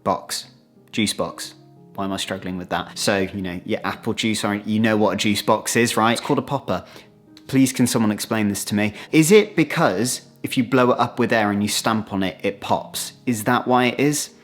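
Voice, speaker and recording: A British man talks through a casual vlog in a lowish, chatty voice. He gets animated and acts out quick exchanges as he goes. Soft music plays faintly under him. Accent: British English. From Britain. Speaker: vlogger. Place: outdoors, then moving inside.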